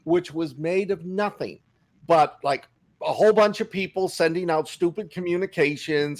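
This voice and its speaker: A middle-aged man co-hosting a podcast, telling anecdotes in a casual, animated way. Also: fairly high pitch. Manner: animated anecdote-teller, acts out quotes. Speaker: podcast co-host. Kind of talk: casual storytelling chat.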